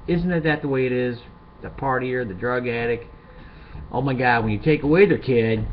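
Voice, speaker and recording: Gravelly rambling middle-aged man. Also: medium pitch, moderate pace. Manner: rambling, crude and animated, builds to loud rants. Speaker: show host. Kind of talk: comedic monologue. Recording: dull lo-fi sound with faint hiss.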